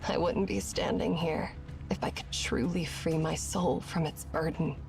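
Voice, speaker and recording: Game stream read-along: man doing calm, fated young woman, slow and gravelly. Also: fairly high pitch, soft background music, pitched above the performer's own voice. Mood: gentle, resigned. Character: calm, resigned young woman facing her fate. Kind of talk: reading game dialogue aloud on stream.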